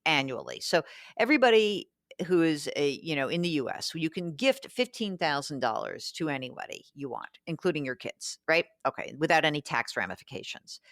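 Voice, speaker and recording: A woman's voice: low voice, sing-song, fairly quick, a bit bright, dry recording, clean studio sound. A woman hosting a radio call-in show about money, chatty and thinking aloud as she answers listener questions.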